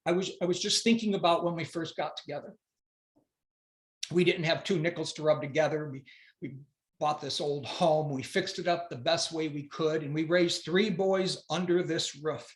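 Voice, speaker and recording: A man's voice: on the high side, steady tone, moderate pace, lightly acted. A man telling it as a tender old husband. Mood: wistful. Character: old husband, married sixty years, tender. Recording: roomy echo.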